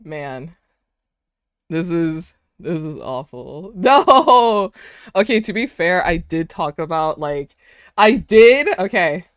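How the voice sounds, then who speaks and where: Young female streamer, animated high voice, unhurried, dry close mic, reacts with big laughs. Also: no room sound. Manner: excitable, laughing, dramatic repeated cries. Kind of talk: live stream reaction chat.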